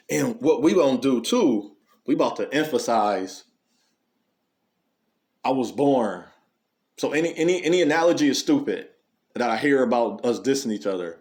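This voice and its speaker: A man, delivering an unscripted monologue in a preachy way, full of rhetorical questions and animated storytelling. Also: medium pitch, normal speed, long pauses. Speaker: commentary channel host.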